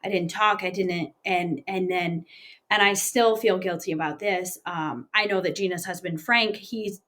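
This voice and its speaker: A woman in her thirties, an interview guest, recounting a personal story in a plain, halting way with many fillers. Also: on the low side, steady tone, a bit bright.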